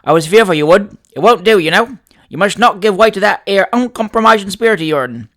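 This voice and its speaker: A man's voice: sits high, a little fast, pitched above the performer's own voice. Sam Weller, a man doing a cheeky servant. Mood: wry. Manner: sly, deadpan banter. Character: cheeky young male London manservant, dry wit.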